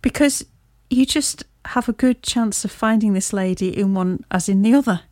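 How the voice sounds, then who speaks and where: A woman reading aloud, voicing a sharp, amused male detective who talks down to a police inspector with dry teasing. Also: medium pitch, moderate pace, no room sound, lightly acted. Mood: amused, lofty.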